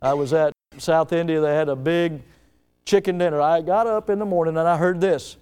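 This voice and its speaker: A man preaching a sermon as pastor, telling stories and acting out scenes with lively emphasis. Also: a little high, a little fast, slight background noise. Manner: storytelling preacher, animated, acts out scenes.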